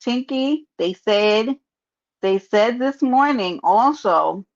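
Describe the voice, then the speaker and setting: New lady on a live stream, raspy fry in her voice, joking with chat, kinda dull lo-fi sound. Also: fairly high pitch, expressive, slow pace. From New York. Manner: playful, joking, talks straight to her chat. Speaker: livestreamer. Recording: muffled lo-fi stream audio.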